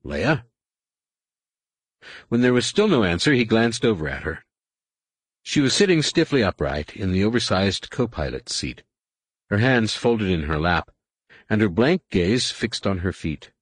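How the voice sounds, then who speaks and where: A man reading a science fiction novel aloud in measured, dramatic scripted narration. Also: fairly low pitch, very animated, breathy edge, no echo. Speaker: audiobook narrator.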